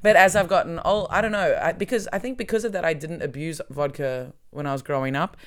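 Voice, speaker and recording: A man with a smooth, clear voice chats casually. He talks in an animated, playful way and pokes fun at himself. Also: a little high, fast talker. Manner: animated, giggly, playful self-mocking. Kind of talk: casual chat.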